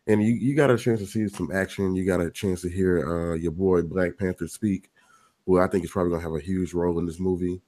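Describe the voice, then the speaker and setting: A man's voice: deep voice, steady tone, fast talker, darkish tone. A man co-hosting a casual gaming podcast, giving blunt, opinionated takes. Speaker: podcast co-host.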